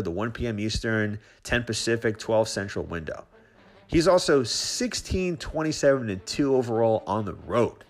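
A man in his thirties hosting a casual sports podcast, rambling with many restarts and growing heated as he tells a story. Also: mid-range voice. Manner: rambling, frequent restarts and fillers, gets heated. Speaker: podcast host.

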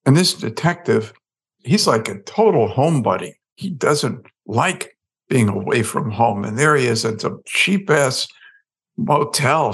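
A man, a podcast guest, telling a story in an animated way and acting out the dialogue. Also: medium pitch, breathy edge. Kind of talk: storytelling in an interview.

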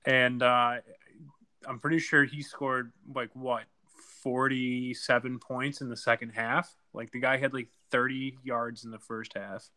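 A man recaps the week's fantasy football matchups in loose, casual chat. His voice is bright and forceful, and his talk is blunt and full of cheerful trash talk. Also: medium pitch, flat delivery, a little slow. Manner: blunt, trash-talking, laughs easily. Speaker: podcast co-host.

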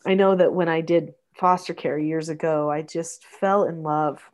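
A middle-aged woman hosting a podcast, reading a story aloud in a gentle, soft-spoken way and chatting afterward. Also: deep voice, fairly even intonation, moderate pace.

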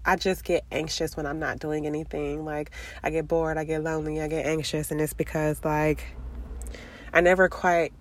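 A woman in her twenties with a nasal, stuffy voice from a cold, rambling candidly in a casual confessional vlog. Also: low-pitched. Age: 20s. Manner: rambling, filler-heavy, candid. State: congested, under the weather. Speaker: vlogger.

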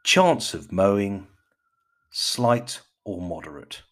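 A man putting on a BBC-style British accent to play a mock radio weather forecaster, reading in a slow, measured, formal way. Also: deep voice, animated. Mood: solemn announcing. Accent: put-on BBC-style British.

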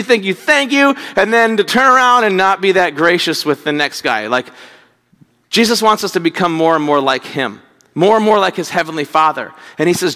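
A man's voice: sits high, bright, forceful tone, long reverb tail. A man preaching a conversational sermon, often repeating words and acting out quoted speech. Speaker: pastor.

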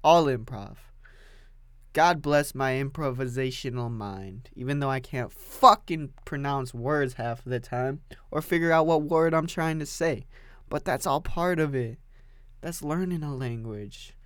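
A man holds forth alone on his podcast, rambling from one thought to the next with no script. His voice sits in an ordinary middle range, and he curses freely and bursts out loudly now and then. The sound is dry, with no room echo. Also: mid-range voice, measured pace, smooth. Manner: crude, profane, rambling, with loud sudden outbursts. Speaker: podcast host. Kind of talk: unscripted solo podcast rant.

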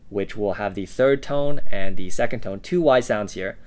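Guy with a lowish voice co-hosting a chinese learning podcast, laid back, lots of uhs. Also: takes it slowly, hardly any pauses, smooth. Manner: relaxed and explanatory, with fillers. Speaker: podcast co-host. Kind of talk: casual language lesson podcast.

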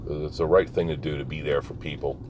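A man's voice: rumbling low, little pitch movement, quick pace. A man talking in a rambling, profane, casual monologue from a parked car, laughing often. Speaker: vlogger. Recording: car and street noise behind. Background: car and street noise.

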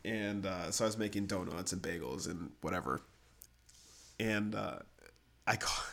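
This young man's low voice moves unhurriedly, with vocal fry and long pauses. He's recounting a funny personal tale in casual conversation. Lively and laughing, he imitates the people he quotes.

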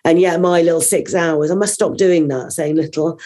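Animated woman telling a story. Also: low-pitched, normal speed. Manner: animated, rambling, with many fillers. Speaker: guest, trainer. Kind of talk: podcast interview storytelling.

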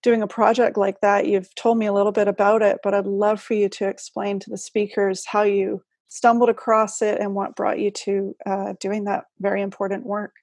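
Flat-voiced woman host, dry sound. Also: medium pitch, normal speed, few pauses, husky, dry recording. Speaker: podcast host. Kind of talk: interview.

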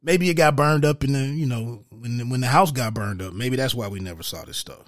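A man's voice: medium pitch, a little fast, no room sound, clean studio sound. A man giving a casual, profane recap of a movie, acting out its scenes with quoted lines. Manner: loose, profane, retells scenes with quoted dialogue. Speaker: movie reviewer.

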